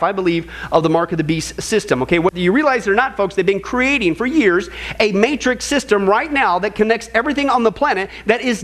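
A man teaching a sermon-style Bible study, speaking emphatically, calling listeners "folks" and piling up repeated phrases and rhetorical questions. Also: very high-pitched.

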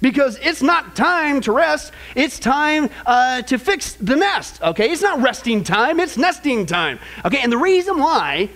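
A middle-aged man preaching a sermon on marriage, energetic and jokey, who keeps checking in with the crowd. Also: extremely high pitch, unhurried, few pauses. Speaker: pastor.

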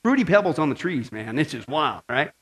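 A man preaching a Bible study sermon, animated and asking his audience questions. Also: on the high side, a little fast, low-quality recording.

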